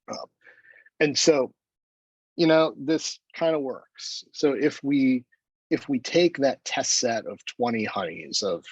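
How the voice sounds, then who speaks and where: Husky-voiced man giving a chemistry seminar. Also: on the low side, dry recording, lo-fi sound. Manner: relaxed, conversational, with self-deprecating asides and fillers. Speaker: chemistry lecturer. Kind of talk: academic seminar talk.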